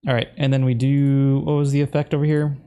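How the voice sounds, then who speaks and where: A man's voice: mid-range voice, flat delivery, a little fast, mellow, clear, resonant tone. A man, a video creator, talking casually to himself as he edits, muttering instructions and breaking into puzzled exclamations. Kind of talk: casual commentary while editing video.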